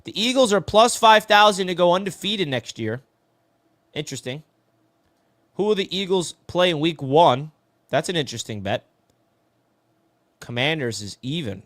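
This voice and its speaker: Chatty New sports host, dry mic. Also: male voice, on the high side, lively intonation, normal speed, pauses often, fairly bright tone, dry recording. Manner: chatty, answers viewer comments, says "bro" a lot. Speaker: sports talk show host reading live chat. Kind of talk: casual live-stream sports talk.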